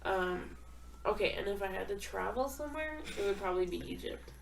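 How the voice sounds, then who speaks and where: A woman's voice: mid-range voice, lively intonation, brisk, vocal fry, slight background noise, rough recording. A young woman co-hosting a podcast in casual chat, dry and matter-of-fact with a teasing edge. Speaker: podcast co-host.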